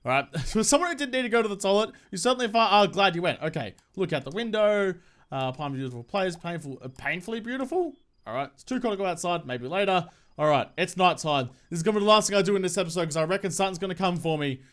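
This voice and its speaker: A man's voice: high voice, animated, fast, a bit bright. A man giving casual, swear-filled commentary during a horror game playthrough, with jumpy, nervous reactions. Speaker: let's play gamer.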